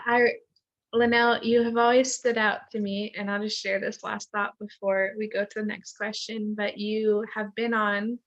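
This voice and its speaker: A woman's voice: mid-range voice, fairly bright tone. A woman coaching a group on a video call, affirming and encouraging members.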